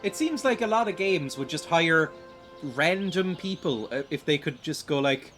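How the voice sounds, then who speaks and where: A man's voice: fairly high pitch, lively intonation, normal speed. Rambling young man streaming a game. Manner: rambling, self-deprecating, stumbles and repeats words. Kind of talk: casual gameplay commentary. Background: game music.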